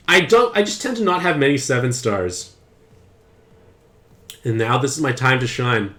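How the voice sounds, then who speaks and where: A young man chatting playfully to his viewers while streaming a mobile game, with excited outbursts. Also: mid-range voice, moderate pace, long pauses. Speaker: gaming streamer. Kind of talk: casual game commentary to live chat.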